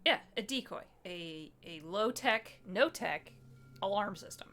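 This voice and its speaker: A woman's voice: mid-range voice, animated, a bit bright. A woman playing a tabletop game, joking around in casual chat. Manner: playful, jokey, quick asides. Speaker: player. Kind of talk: tabletop role-play chat.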